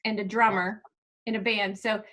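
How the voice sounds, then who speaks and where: Bright-voiced woman comedian chatting. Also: medium pitch, flat delivery, normal speed. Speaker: guest comedian. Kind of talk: casual chat.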